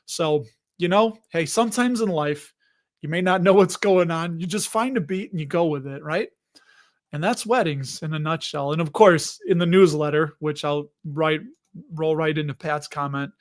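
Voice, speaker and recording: Man in his forties, high-pitched voice, casual live stream host, chatty, laughs a lot. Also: normal speed. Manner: chatty, laughs often, greets viewers by name.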